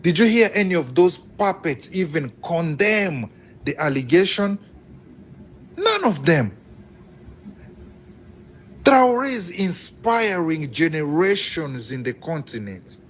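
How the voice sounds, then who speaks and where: A man's voice: on the high side, takes it slowly, pauses often. A man from Congo, calling in to a live stream with impassioned, emphatic commentary. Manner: fervent, emphatic, rising with excitement. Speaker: caller. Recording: faint background noise.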